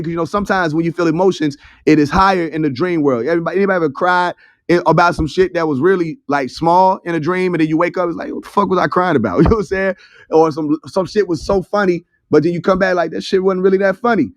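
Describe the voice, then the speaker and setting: A man's voice: sits high, no room sound, clean studio sound. A young man hosting an online audio room, telling a story in a loose, chatty, profane way. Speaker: host of an audio chat room. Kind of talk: casual storytelling talk. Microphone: phone in an online audio room.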